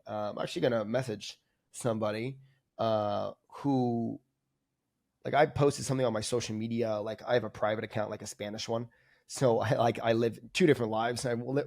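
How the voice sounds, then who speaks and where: A man talks openly as a podcast guest, his speech spilling out in loose, restarting sentences packed with filler words. His voice sits at an ordinary middle pitch, lively and earnest in delivery. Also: dry recording, studio quality. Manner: energetic, rambling, full of "like" fillers. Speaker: podcast guest, coaching client. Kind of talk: candid conversational reflection. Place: lives in Argentina, remote podcast.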